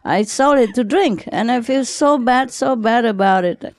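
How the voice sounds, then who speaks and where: A regretful drunk husband who sold his wedding ring, as a woman quotes him in a joke. He comes across in a slightly raised everyday voice, unhurried, the words spoken in a close, dry setting. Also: on the high side, no room sound, voice pushed up, close to an everyday voice. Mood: remorseful.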